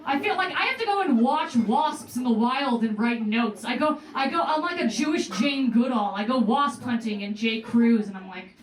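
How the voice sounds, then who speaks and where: A young woman performing a stand-up comedy set in a club, with a deadpan delivery and playful asides. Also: a little high, normal speed, few pauses. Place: comedy club stage with live audience. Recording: roomy club sound heard from a distance. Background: audience laughing.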